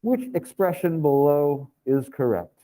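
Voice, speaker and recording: Relaxed, mellow-voiced male physics teacher. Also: on the high side, low-quality recording. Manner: thinks aloud, casual asides, slow deliberate reading of formulas. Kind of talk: live online class lesson.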